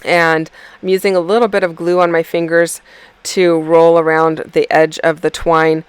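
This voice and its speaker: A woman's voice: low voice, level tone, moderate pace, clear, resonant tone, no room sound. A woman casually narrating her scrapbooking process in a chatty, rambling way, with lots of ums and self-corrections. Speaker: scrapbooking video creator.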